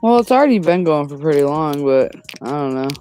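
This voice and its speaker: A woman's voice: low-pitched, lively intonation, fairly quick, mellow, smooth, soft background music. A woman hosting a live stream, chatting in a laid-back, teasing way. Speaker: streamer host. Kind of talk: casual chat.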